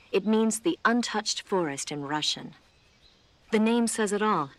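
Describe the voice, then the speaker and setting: An actress playing a cool, composed female spy who briefs a soldier over the radio in calm, measured video game dialogue. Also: medium pitch, close to an everyday voice.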